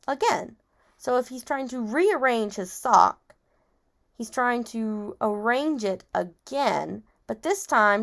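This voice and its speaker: A woman's voice: medium pitch, gravelly. A woman teacher reading a chapter book aloud to children, stopping to ask and explain vocabulary words.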